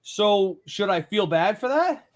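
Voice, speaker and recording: A man's voice: high-pitched, big pitch swings, measured pace. A man hosting a casual live talk show, telling a funny story with lots of laughter. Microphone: own mic at home.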